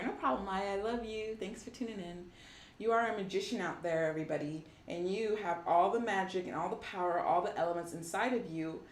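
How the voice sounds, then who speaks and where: A woman's voice: fairly low pitch, roomy sound. A woman doing a casual tarot reading for viewers, upbeat and affirming as she reads card meanings aloud. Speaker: tarot reader.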